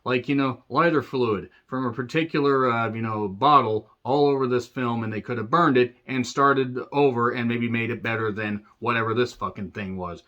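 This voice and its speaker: A man's voice: mid-range voice, moderate pace, few pauses, pushed and bright. Sarcastic, profane man ranting, lo-fi sound. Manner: sarcastic, profane, rambling asides. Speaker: movie reviewer. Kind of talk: ranting movie review.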